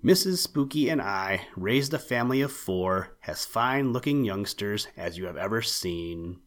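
A curt, proud screech owl, as a male reader puts him on, clipped and a little cross. He speaks in a fairly low, everyday storybook voice. His words come out solemn and sharp. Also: animated, moderate pace, natural voice. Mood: matter-of-fact. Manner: snappish, solemn.

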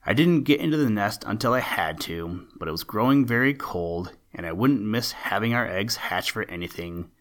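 A man's voice: fairly low pitch, lively intonation, moderate pace, hardly any pauses, a bit bright. A man voicing a proud, grumpy male great horned owl in a storybook reading, talking in a fretful, grumbling way. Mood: complaining.

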